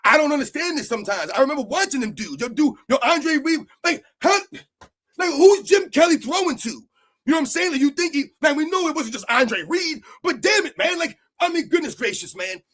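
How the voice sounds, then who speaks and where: Middle-aged male sports ranter, very high voice, rambling and excitable, casual solo host delivery. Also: a little fast. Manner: rambling, excitable, peppered with "man" and "like I said".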